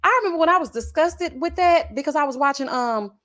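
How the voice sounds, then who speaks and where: A young adult woman hosting a casual reaction chat, reading viewer comments in a sassy, animated way and drawing out "child" and "honey". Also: high voice, fast talker.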